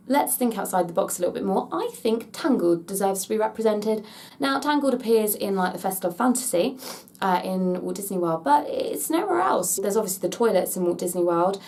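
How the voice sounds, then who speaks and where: A woman's voice: mid-range voice, vocal fry, a little mellow. A young English woman vlogger answering Q&A questions in a chatty, gushing way, often thinking aloud. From England. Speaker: theme park vlogger. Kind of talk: casual Q&A vlog.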